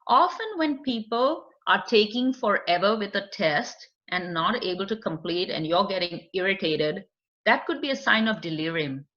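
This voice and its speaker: This dull, lo-fi clip features a woman with a non-native English accent explaining a screening test in a training lecture. She uses many fillers and acts out what clients say, speaking at normal speed in an expressive, mid-range, slightly bright voice.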